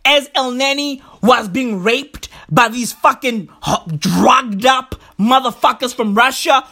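A man delivering a profane comedic rant, loud and excitable, full of slang and repeated words. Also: very high-pitched, takes it slowly, gravelly. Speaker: comedic ranter.

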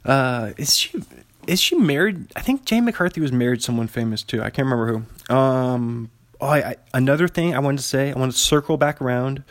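This solo podcast host is a man in his thirties from Washington State, speaking at a medium pitch and a fairly quick pace on a dry recording. He tells rambling, digressive stories, chuckling often in a casual storyteller's manner.

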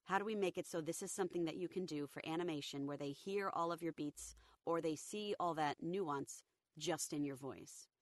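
A woman with a low, husky morning-after-illness voice tells career stories with lively energy. She acts out quotes from other people as she goes. The sound is close and dry, with no room around it. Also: moderate pace, no room sound. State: deep, recovering voice after illness. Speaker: voice actor guest. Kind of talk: casual storytelling interview.

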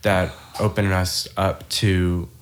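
A man's voice: deep voice, flat delivery, takes it slowly. A man hosting a podcast interview, reflecting aloud before he asks his question. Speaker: podcast host.

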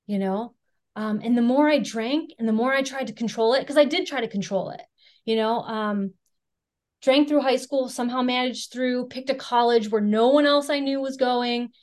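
A woman's voice: a little high, normal speed, a little mellow. An American woman from the Chicago area giving a candid personal testimony, frank and self-deprecating, with lots of "you know" and "right". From Chicago area, United States. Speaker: speaker sharing recovery story.

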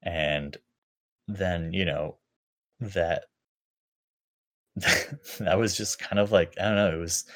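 A man with a very deep, low voice talks through a personal memory in a loose, unscripted way. He circles back, restarts sentences and leans on lots of filler words as he thinks aloud. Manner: halting, full of fillers and restarts. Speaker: podcast co-host. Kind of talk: casual reflective chat.

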